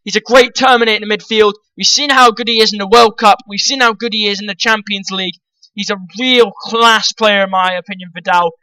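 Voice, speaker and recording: A man's voice: high voice, fairly even intonation, a little fast, bright, forceful tone, dry recording, rough recording. A man vlogging casual football commentary, rambling and opinionated, talking straight to his viewers.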